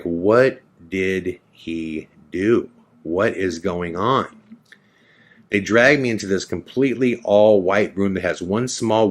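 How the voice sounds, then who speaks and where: Low-voiced man telling a dramatic story. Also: fairly bright tone. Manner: dramatic storytelling, acting out quotes. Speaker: podcast host.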